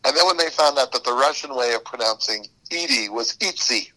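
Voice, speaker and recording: A man guest in a casual interview, telling animated stories, laughing often and acting out quotes. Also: medium pitch, brisk, vocal fry, low-quality recording. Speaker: guest, musical writer.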